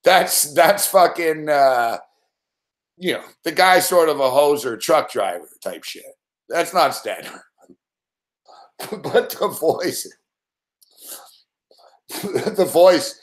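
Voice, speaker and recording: A man's voice: on the high side, very animated, slow pace, pauses often. A man hosting a casual live reaction chat, laughing, swearing and rambling as he talks. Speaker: host.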